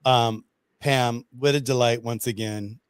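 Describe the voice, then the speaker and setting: A male host in casual conversation, talking in an animated, storytelling way. His pitch sits in an ordinary middle range. The sound is dry and close, with almost no room echo. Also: unhurried, smooth. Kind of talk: casual chat.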